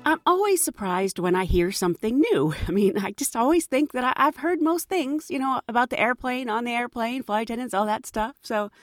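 A woman, a flight attendant, telling a story casually and acting out a coworker in a hushed voice. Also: fairly high pitch, brisk, few pauses, soft background music. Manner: animated, mimics coworkers in a hushed voice.

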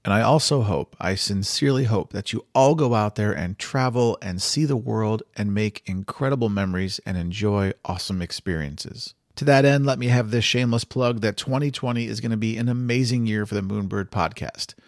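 A man's voice: fairly low pitch, normal speed, hardly any pauses, no room sound, clean studio sound. A man hosting a travel podcast, telling a story in an earnest, reflective and encouraging way. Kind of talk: storytelling monologue.

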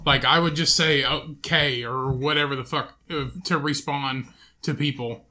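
A man's voice: medium pitch, steady tone, moderate pace, sharp tone. A man from Indiana co-hosting a casual podcast, blunt and offhand, swearing freely. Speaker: podcast co-host. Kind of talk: casual chat.

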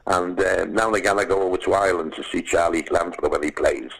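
This English actor, a guest with a Liverpool accent, chats casually and spins lively stories, acting out other people's voices and calling folks "lad." His gravelly voice sits low and moves at a quick pace, captured on a rough recording.

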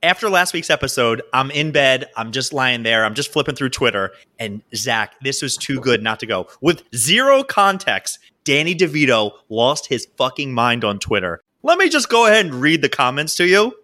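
A man co-hosting a casual podcast, animated and quick to laugh as he trades banter. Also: mid-range voice. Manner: animated, laughing, reads jokes aloud in put-on voices. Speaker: podcast co-host.

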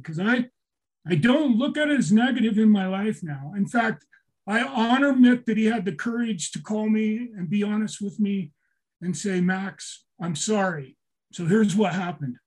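A man's voice: sits high, lively intonation, normal speed, husky. An older man telling a story in casual talk, swearing a lot, getting emotional and restarting his sentences. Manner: emotional, swears often, repeats himself. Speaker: storyteller guest.

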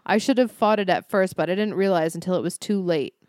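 A woman's voice: on the low side, fairly quick, darkish tone, no echo, close to an everyday voice. Lovesick young guy pleading in a melodramatic fanfic reading, a woman reading him out, dry sound. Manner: earnest, melodramatic read-aloud. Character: lovesick young man hero under a potion.

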